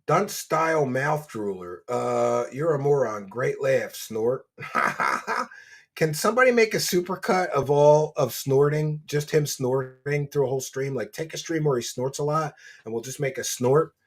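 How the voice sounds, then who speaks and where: A man's voice: medium pitch, animated, unhurried. A man hosting a livestream, reading donations and mocking a guest in a boastful, rambling way. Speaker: livestream host.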